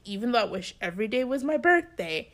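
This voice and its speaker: A young woman co-hosting a podcast chats casually and tells a story with animation, acting out the people she quotes. Her voice is a little high and she talks fast.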